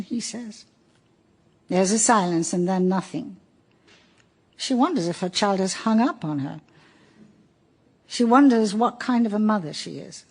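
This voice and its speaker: A woman narrating an audiobook in a wry, measured storytelling voice. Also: mid-range voice, expressive, breathy edge. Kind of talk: audiobook reading.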